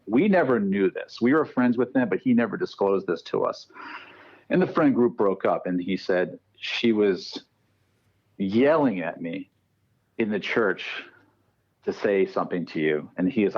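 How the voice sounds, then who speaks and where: A man's voice: low voice, moderate pace, highs cut off. A man telling paranormal stories casually on a podcast, acting out the voices of the people in them. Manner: animated, acts out quoted dialogue. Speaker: podcast guest, paranormal researcher. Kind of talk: casual storytelling.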